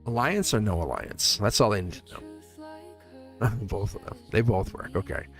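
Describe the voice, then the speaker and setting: A man's voice: on the low side, lively intonation, moderate pace, fairly bright tone, soft background music. A man reading tarot on a livestream, talking to his viewers in a loose, rambling way with frequent chuckles. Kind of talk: casual livestream chat.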